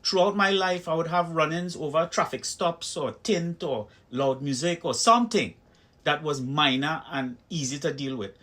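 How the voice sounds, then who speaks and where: Man, Trinidadian accent, somewhat high-pitched, emphatic, storytelling vlog commentary. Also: moderate pace, pushed and bright. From Trinidad and Tobago. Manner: emphatic storytelling, acting out heated exchanges. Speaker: video commentator. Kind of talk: personal opinion vlog.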